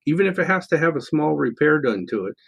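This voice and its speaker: A middle-aged man co-hosting a psychic call-in show, answering listener questions in a relaxed, rambling way full of fillers and restarts. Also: fairly high pitch, quick pace, creaky, breathy edge. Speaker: psychic radio show co-host. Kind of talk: casual call-in chat, reading listener questions.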